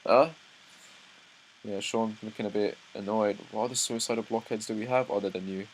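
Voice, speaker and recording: Young male reactor with a low voice who reads panels aloud and trips over words. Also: quick pace, a little hiss or hum, rough recording. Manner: reads dialogue aloud, breaks off into excited asides, stumbles and restarts. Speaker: manga reaction host. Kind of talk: live reaction read-through.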